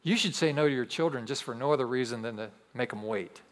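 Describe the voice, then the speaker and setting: A man's voice: mid-range voice, fast. A man preaching a sermon as pastor to his congregation, emphatic and repeating key lines with humorous asides. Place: church hall with audience. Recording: long church-hall reverb.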